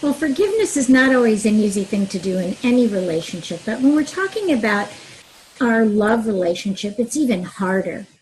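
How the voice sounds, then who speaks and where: A woman's voice: mid-range voice, fairly quick, a little hiss or hum, rough recording. A middle-aged woman, a mediator and relationship author, answering interview questions earnestly and telling personal stories. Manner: earnest, expressive storyteller who acts out dialogue.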